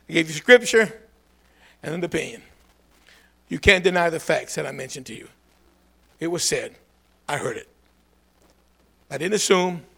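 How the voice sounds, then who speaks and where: A man preaching a lively call-and-response sermon, swinging from low asides to shouted calls for a response. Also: creaky, slightly rough.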